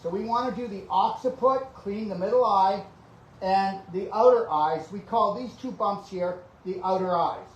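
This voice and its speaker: A man's voice: sits high, moderate pace, dull audio. A man teaching a self-treatment routine on camera, emphatic and instructive, often checking in with "okay?" while he claps his own neck and back. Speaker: health coach demonstrating self-treatment. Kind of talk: instructional demonstration.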